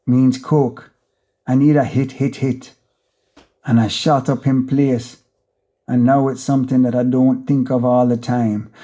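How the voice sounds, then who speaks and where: A man's voice: mid-range voice, mellow. A man with a Jamaican accent reading an audiobook, narrating a frantic, rambling first-person inner monologue in patois.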